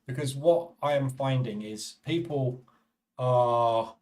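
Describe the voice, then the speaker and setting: A man's voice: mid-range voice, takes it slowly, a little mellow, recorded from a distance. A man hosting a live trading stream, chatting casually and thinking aloud about the markets as he reads replies to viewers.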